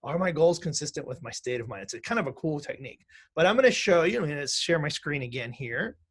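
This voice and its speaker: A man's voice: fairly high pitch, expressive, quick pace, fairly bright tone, breathy edge. A man teaching music and mindfulness in a conversational online class, often asking "right?" to check in with students.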